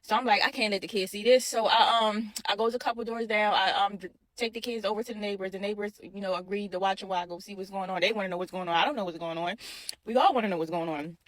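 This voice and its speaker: A young woman telling a dramatic personal story in a casual, animated way, repeating herself and talking straight to viewers. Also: mid-range voice, quick pace, no room sound.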